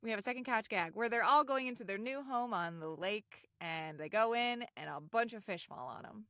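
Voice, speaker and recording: A woman co-hosting a podcast, chatting casually about a cartoon episode, giggling often and quoting lines in quick voices. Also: medium pitch, pushed and bright, dry recording. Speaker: podcast co-host.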